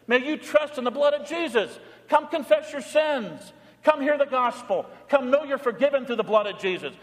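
A man's voice: lively intonation, normal speed. Impassioned man preaching in a reverberant church. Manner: pleading, impassioned preaching that swings from loud calls to hushed lows. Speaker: pastor. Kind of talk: sermon. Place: church sanctuary. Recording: long reverb of a large church.

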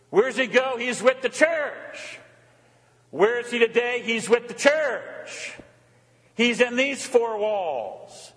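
In a church sanctuary full of long reverb, a pastor with a very high, slightly bright voice preaches a little slowly with lively intonation. He asks rhetorical questions, repeats refrains, and leads the congregation in call and response as they say lines back.

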